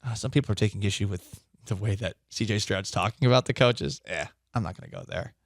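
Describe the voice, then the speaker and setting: A man's voice: fairly low pitch, fast talker, dry recording. A man hosting a casual sports talk radio show in a studio, opinionated and joking as he reads listener comments.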